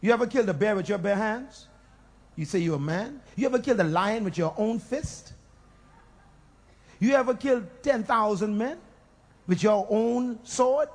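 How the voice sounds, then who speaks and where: A male preacher. He swings between booming shouts, laughter and low teasing asides, pulling the congregation into call-and-response. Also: normal speed, long pauses. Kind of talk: sermon.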